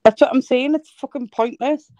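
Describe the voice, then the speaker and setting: An Irish woman hosts a rowdy livestream call in a slightly high voice. She swears constantly and teases everyone in quick-fire banter, and the sound is dry and close to the mic. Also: warm tone, no echo, lo-fi sound. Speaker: livestream host. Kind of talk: casual crude banter on a livestream.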